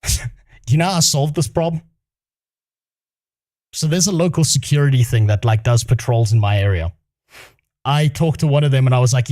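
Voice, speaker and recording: A man's voice: medium pitch, normal speed, long pauses, darkish tone. Swearing, heated male streamer. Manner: profane, heated, swears constantly. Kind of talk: casual storytime rant.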